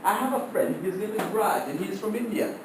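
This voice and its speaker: A man giving a prepared humorous speech to his class, telling stories in an animated way and laughing at his own jokes, heard from across a classroom. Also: high voice, fairly quick, reverberant, distant mic, background noise.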